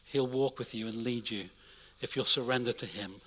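A young adult man preaching a sermon in a church, energetic, swinging between loud urging and quiet intimate asides. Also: mid-range voice, normal speed, in a large hall. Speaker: pastor.

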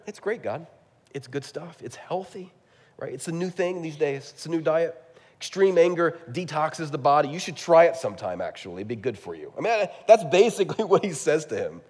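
A man preaching a sermon as a pastor, animated, with big swings between loud and soft. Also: husky. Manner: animated preaching with wide swings in pitch and loudness. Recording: long hall reverb.

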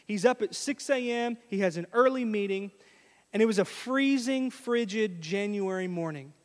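A man preaching a sermon in a church, telling a story in an animated way and speaking straight to the congregation. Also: sits high, normal speed. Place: church sanctuary. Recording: long reverb of a church hall.

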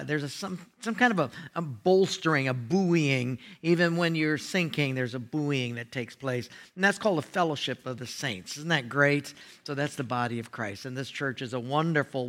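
A male guest pastor preaching with a high, bright voice. He is folksy and jokes with his listeners, moving between playful asides and teaching. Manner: folksy, joking, animated. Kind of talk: sermon.

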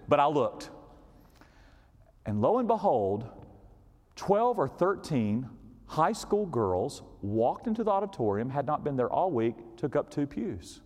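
A man preaching as a pastor, telling a story in an animated way and acting out quoted voices, sometimes dropping to a whisper. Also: sits high. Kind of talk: storytelling sermon. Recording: long hall reverb.

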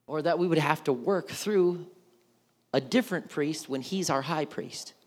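Male pastor with a high voice, preaching casually and cracking jokes. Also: measured pace. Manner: conversational, joking, acts out voices. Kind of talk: casual sermon.

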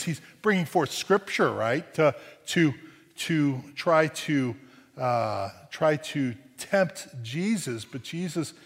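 A man's voice: fairly high pitch, big-room sound. A man preaching a sermon in a conversational way, often asking "right?" and restarting phrases, with dry humor. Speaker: pastor.

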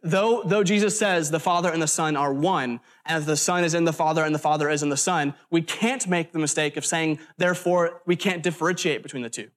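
A man's voice: on the high side, fairly even intonation, fairly quick, few pauses. A man preaching a sermon in an earnest, emphatic way, stressing lists of words and breaking off for brief asides. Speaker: pastor.

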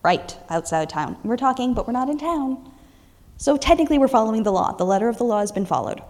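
A woman preacher retelling a story in a lively sermon, voicing its characters along the way. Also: a little high, fast, in a large hall.

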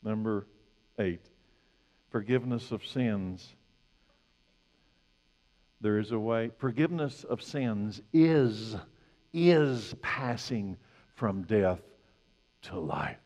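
A man's voice: expressive, slow, long pauses. Dynamic preaching man in a reverberant hall. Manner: dynamic preaching, swinging from loud emphatic peaks to hushed low lines. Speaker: pastor. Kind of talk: sermon.

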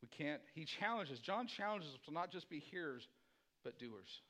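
A male pastor preaching with lively, animated delivery. His pitch sits a little high for a man. He moves between soft, quiet asides and loud, climbing emphasis. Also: normal speed. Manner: swings from hushed to near-shouting emphasis. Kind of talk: sermon.

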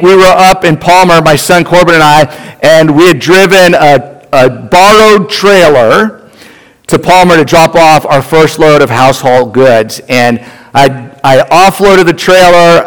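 A middle-aged male pastor preaches with a slightly high voice, talking to his congregation like he's chatting with friends. His voice rings out with the long reverb of a church hall. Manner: conversational, addresses the congregation directly. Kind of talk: sermon with personal storytelling.

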